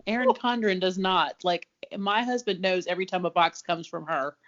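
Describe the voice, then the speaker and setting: A woman's voice: fairly low pitch, normal speed, a bit bright, dull audio. A woman co-hosting a podcast in casual chat, gushing enthusiastically over listener stories. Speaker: podcast co-host.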